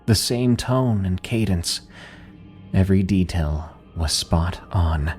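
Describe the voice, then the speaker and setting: Deep-voiced man narrating a horror story. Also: lively intonation, darkish tone, faint music behind. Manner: slow, grave storytelling with dramatic pauses.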